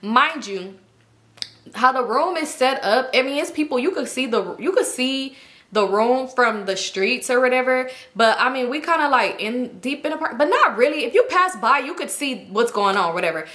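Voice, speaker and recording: A young woman relating a personal story in loose, slangy talk full of cussing and fillers. Her voice sits a bit high and rings bright and sharp. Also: normal speed. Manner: animated, slangy and profane, lots of fillers. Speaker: storytime YouTuber. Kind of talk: casual storytime.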